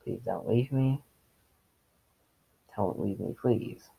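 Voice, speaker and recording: Man reading a tearful, clingy pony girl, sniffly and pleading, husky low tone. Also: takes it slowly, warm tone, heavily acted, low-quality recording. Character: tearful young female pony, clingy and frightened. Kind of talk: reading fan fiction aloud.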